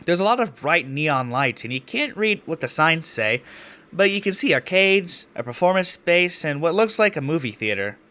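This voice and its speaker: Lively, self-mocking game narrator. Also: male voice, a little high, normal speed. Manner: casual, self-deprecating, swears freely. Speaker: let's play host. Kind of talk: reading a visual novel aloud with commentary.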